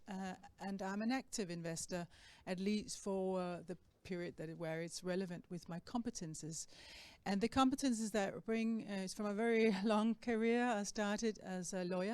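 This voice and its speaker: A woman introducing herself as a mentor and business investor on a conference panel, composed and steady with occasional fillers. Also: medium pitch, clear, resonant tone, dry recording. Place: stage at a fintech demo day event.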